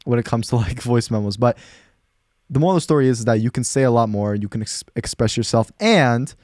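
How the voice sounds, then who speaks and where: A man's voice: mid-range voice, fairly quick, dry recording, studio quality. A young man hosting a casual podcast chat, telling stories and acting out what people said. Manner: animated storyteller, acts out quotes. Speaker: podcast host.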